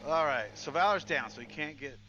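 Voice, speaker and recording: A man's voice: fairly high pitch, expressive, fairly quick, bright, forceful tone, highs cut off, a little hiss or hum. A man playing a tabletop game, joking and swearing as he narrates his character's moves. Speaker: player. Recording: music playing behind. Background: background music.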